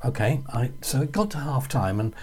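A man with a Yorkshire accent, chatting through a lively anecdote as a guest. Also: medium pitch, normal speed, slightly rough. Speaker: guest storyteller. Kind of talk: casual anecdote.

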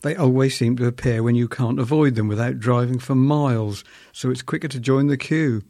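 An older Englishman reads his own comic story aloud, wry and self-mocking, grumbling along as he goes. His voice sits at an ordinary pitch and is recorded dry and close. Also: a little fast, warm tone, dry recording. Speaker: columnist reading his own piece. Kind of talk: humorous first-person story reading.

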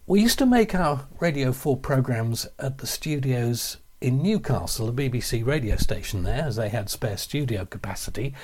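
Husky-voiced older man telling anecdotes. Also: medium pitch, moderate pace, few pauses. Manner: animated, voices other people in quotes. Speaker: radio storyteller. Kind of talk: anecdotal storytelling.

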